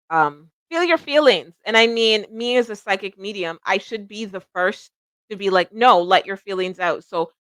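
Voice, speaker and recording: A woman's voice: a little high, fairly bright tone, no room sound. A middle-aged woman hosting a psychic livestream, chatting casually and rambling, laughing at herself often.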